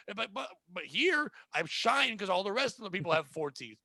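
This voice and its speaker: A man's voice: high-pitched, expressive, brisk, few pauses, sharp tone, no room sound. A man hosting a comedy podcast who tells stories casually, swears freely and acts out the people he quotes.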